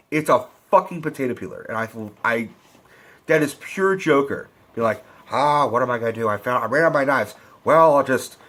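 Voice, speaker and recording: A middle-aged man hosting a vlog, ranting about a movie in a profane, rambling, excitable way. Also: medium pitch, slightly rough. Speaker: vlog host.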